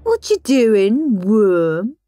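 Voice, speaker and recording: A woman's voice: mid-range voice, very animated, extremely slow, warm tone, soft background music. A woman voicing a naughty, scheming schoolboy in a storybook reading, with a bratty, teasing manner.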